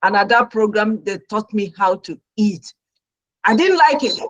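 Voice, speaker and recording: A middle-aged woman, a registered nurse, telling her own story as a talk show guest with lively, dramatic delivery. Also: medium pitch, unhurried, no echo, muffled recording. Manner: animated storyteller who acts out her own past reactions.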